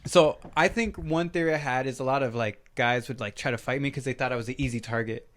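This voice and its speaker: A man in his twenties, a podcast host, telling a story in casual, profane, animated chat. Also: medium pitch, fast. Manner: profane, animated, acts out voices in his stories.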